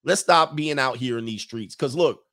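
A man's voice: mid-range voice, moderate pace, a bit bright. A man hosting a livestream, giving blunt, slang-heavy opinions on viewer comments and laughing between his points.

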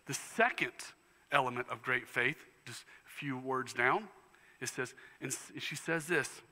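A man preaching a sermon as pastor, passionate, dropping to hushed tones and rising to fervent declarations. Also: medium pitch, measured pace, big-room sound. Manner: impassioned preaching, swings from hushed to loud. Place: church sanctuary.

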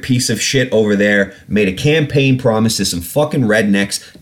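A man's voice: fairly low pitch, normal speed. A man hosting a podcast, ranting in a sarcastic, heavily swearing way and repeatedly getting irate before apologizing. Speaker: podcast host. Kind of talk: casual podcast rant.

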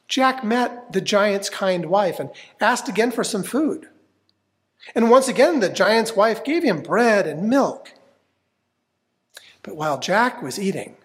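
A man's voice: a little high, fairly bright tone. A man reading a fairy tale aloud expressively, inviting listeners to join in. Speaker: storyteller. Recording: long hall reverb.

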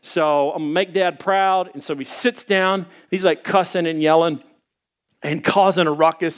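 A pastor preaching a sermon and telling a folksy personal story, acting out the voices of the people in it. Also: male voice, fairly high pitch, a little fast. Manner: folksy, animated, acts out quoted voices.

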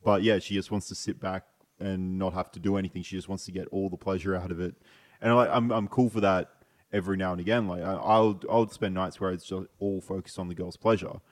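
Hesitant deep-voiced man guest. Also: fairly even intonation, fairly quick. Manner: hesitant, full of fillers and restarts. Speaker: podcast guest. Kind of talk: casual chat.

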